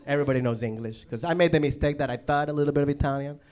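A young man from Venezuela, a native Spanish speaker with a Venezuelan Spanish accent, doing an animated stand-up comedy set, swearing and acting out voices. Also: on the high side, rapid-fire. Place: comedy club stage. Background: audience laughter.

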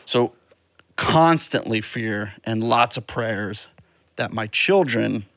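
A man's voice: on the low side, slow pace, a bit bright. A middle-aged man hosting a podcast, talking thoughtfully about fatherhood, often repeating words as he starts a thought. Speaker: podcast host. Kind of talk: casual chat.

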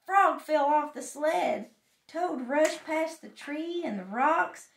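Animated grandma reading a storybook aloud. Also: female voice, sits high, slow, gravelly, slight background noise. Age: older. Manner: lively, animated read-aloud. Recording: roomy echo, mic at a distance.

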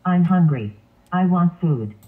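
A man's voice: high voice, animated, slow. Man voicing a spoiled male lion, whiny, demanding, cartoon, thin lo-fi audio. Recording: tinny phone-like sound.

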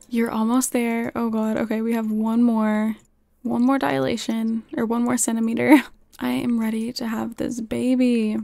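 A chatty woman commenting on her game session as she plays, quick to gasp and laugh. Her voice sits a little high, with a gravelly fry running through it. The sound is close and dry, with almost no room around it. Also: dry recording. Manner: chatty, excitable, gasps and laughs often. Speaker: game streamer. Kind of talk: casual gameplay commentary.

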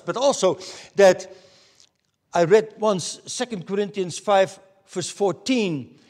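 Slow, earnest preacher man. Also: sits high. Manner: earnest, swings from raised emphasis to hushed near-whispers. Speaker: pastor. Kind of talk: sermon. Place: church pulpit.

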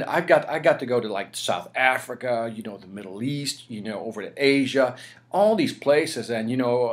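A man in his forties being interviewed, telling a career story in a lively, energetic way, often tagging "right?" and "you know". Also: medium pitch. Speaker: interview guest, sales speaker.

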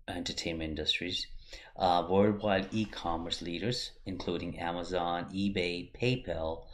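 A man teaching an online course, talking through his slides in a plain, steady way with frequent fillers and restarts. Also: low voice. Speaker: course instructor. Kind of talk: lecture over slides.

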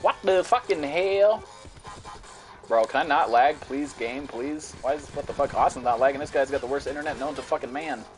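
A young man streaming a shooter game, ranting and cursing at the lag and at enemies, yelling now and then. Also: medium pitch, steady tone, quick pace, few pauses. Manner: profane, frustrated, rants and yells at the game. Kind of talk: live gameplay commentary. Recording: music playing behind the voice.

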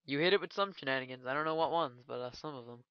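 A man giving casual gameplay commentary, joking crudely and trash-talking with sudden excited outbursts. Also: mid-range voice, fast, clean tone, no echo, highs cut off. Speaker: gaming channel host.

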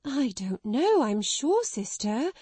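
A woman's voice: high voice, very animated, takes it slowly, mellow, husky, no echo, pitched above the performer's own voice, full character voice. A woman narrator voices a meek, deferential sister from a storybook. She answers hesitantly, in a slightly raised voice. The sound is dry and close.

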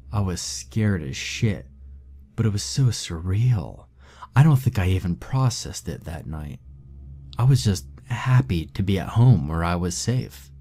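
A man with a deep, mellow voice reads a scary first-person tale. His delivery is steady and somber, keeping a slow, even hold on the listener. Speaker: narrator. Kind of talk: horror story narration.

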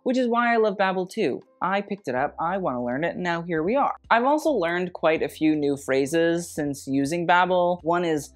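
A YouTuber giving a sarcastic, snarky fashion critique in a scripted vlog, with wry deadpan asides. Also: medium pitch, moderate pace, few pauses, soft background music.

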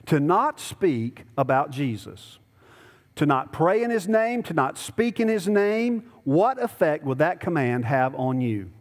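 Male pastor, higher voice, conversational sermon that swells to pleading, long church reverb. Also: big pitch swings, a little slow. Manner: conversational preaching, rising to emphatic pleading. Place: church sanctuary.

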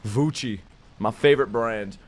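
A man hosting an anime reaction, talking excitedly and profanely, often bursting into shouts and laughter. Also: mid-range voice, measured pace, slight background noise. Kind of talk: live anime reaction commentary. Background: anime soundtrack music.

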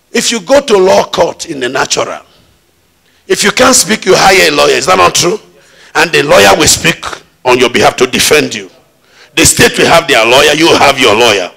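A male pastor preaching in a church, driving his points home and firing questions at the congregation. His voice is high and bright, with a gravelly, husky grain. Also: lively intonation, moderate pace. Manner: emphatic preaching with call-and-response questions. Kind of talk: sermon.

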